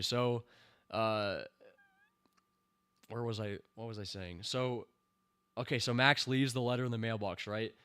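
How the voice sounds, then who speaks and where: A show reviewer with a medium-pitched, fairly bright voice delivers rambling, sarcastic commentary packed with fillers and incredulous outbursts.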